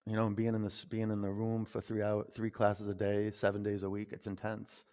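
Leading a class at a yoga studio, this young man talks in a loose, rambling way, saying "you know" again and again. He speaks a bit fast in a smooth, darkish, lowish monotone, and the room leaves a long reverb tail.

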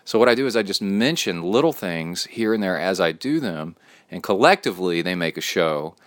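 A man's voice: deep voice, lively intonation, moderate pace, no room sound. A man hosting his own podcast in a casual, rambling solo talk, reading a listener's email aloud into his phone. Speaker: podcast host.

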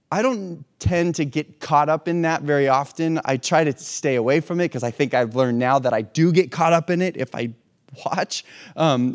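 A man preaching a sermon in a conversational way, asking rhetorical questions and restarting his phrases. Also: a little high. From hurricane-prone region. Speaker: pastor.

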